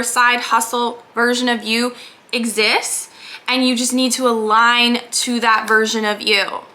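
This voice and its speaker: A woman coach speaks straight to the camera in an upbeat, emphatic motivational talk. Her voice sits high and sounds bright and forward. She leans hard on key words to spur listeners on. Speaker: business mindset coach.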